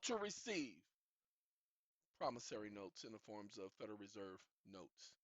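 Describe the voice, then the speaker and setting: An emphatic man lecturing his viewers like a preacher, repeating himself and urging them to say it with him. His pitch swings widely. The sound is dry and dull, like a lo-fi home recording. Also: lively intonation, moderate pace, dry recording. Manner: repetitive, calls for the audience to repeat after him. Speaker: channel host. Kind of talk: instructional talk, preachy and emphatic.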